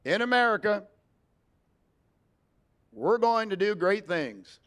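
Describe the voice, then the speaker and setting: A man doing an impression of a polished statesman, speaking slowly with deliberate pauses. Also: sits high, big pitch swings, a bit bright, exaggerated voice. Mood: measured. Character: smooth, measured male statesman.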